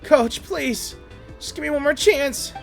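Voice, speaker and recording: A man voicing a nervous young girl who dreams of being an idol, pleading in a high, strained voice. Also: slow, gravelly, soft background music, exaggerated voice. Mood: timid.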